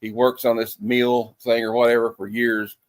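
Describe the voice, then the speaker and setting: A man's voice: medium pitch, little pitch movement, normal speed, dry recording. Dry-voiced man rambling through a film review. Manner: rambling storyteller, many fillers and restarts. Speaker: movie review host. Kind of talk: casual movie review chat. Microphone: streaming setup.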